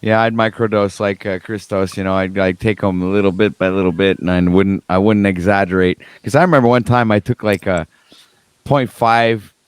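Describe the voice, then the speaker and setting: A man telling a story in casual chat on a video call, acting out the dialogue with lively energy. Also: fairly low pitch, normal speed, clear, resonant tone, dry recording. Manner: animated storytelling, acts out dialogue.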